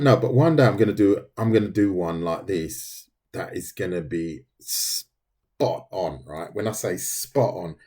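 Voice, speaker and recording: Chatty low-voiced middle-aged man. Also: warm tone, slightly rough. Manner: chatty, talks to viewers, says "mate" often. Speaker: livestreaming artist. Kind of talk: casual livestream chat while drawing.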